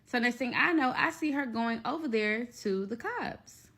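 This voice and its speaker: A woman with a fairly high voice, speaking at a moderate pace, tells the story of a personal ordeal in a storytime vlog. Her casual retelling is blunt, profane, and animated, with voices put on for the other people involved.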